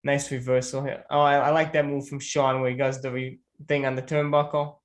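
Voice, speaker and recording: A man appearing as a podcast guest, chatting casually with relaxed, agreeable short replies during a watch-along. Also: mid-range voice, a little fast. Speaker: podcast guest, wrestling fan.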